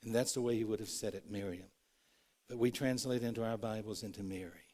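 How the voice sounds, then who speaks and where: Man, pastor, low-pitched, earnest sermon, loud and hushed turns, church. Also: steady tone, quick pace. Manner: earnest, shifts from loud to hushed, acts out quotes. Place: church sanctuary.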